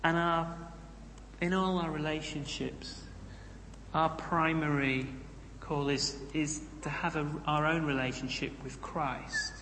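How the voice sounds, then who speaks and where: A man's voice: on the high side, steady tone, slow pace, pushed and bright, slight background noise. Man preaching in an echoey hall. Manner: conversational, with humorous asides. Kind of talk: sermon. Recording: echoey hall, roomy reverb.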